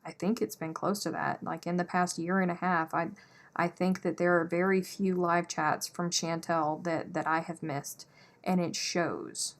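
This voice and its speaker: A woman's voice: lowish voice, fairly even intonation, a little slow. A woman, chatting casually on a crochet live stream and laughing often. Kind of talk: casual chat while crocheting.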